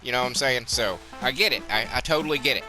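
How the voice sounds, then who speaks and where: A man with a twangy Southern drawl talks casually, candid and rambling, swearing as he goes. He hosts his own gameplay commentary at an ordinary pitch. Game music plays clearly behind him. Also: fast talker, pushed and bright. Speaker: gaming channel host.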